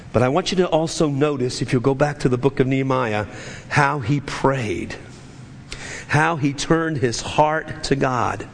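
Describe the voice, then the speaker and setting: A man preaching a sermon, his voice swelling high and then dropping low. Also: unhurried, vocal fry, long reverb tail, a little hiss or hum. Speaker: pastor.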